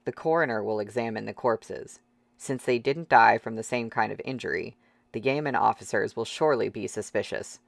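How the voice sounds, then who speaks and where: A man voicing a calm, cold outlaw who speaks low and quiet, in an audiobook reading. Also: moderate pace, creaky, no echo.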